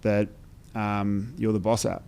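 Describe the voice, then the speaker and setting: An Australian man, a brand founder, telling stories in a relaxed interview chat with many fillers and restarts. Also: lowish voice, takes it slowly, vocal fry, smooth. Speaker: brand founder, podcast guest.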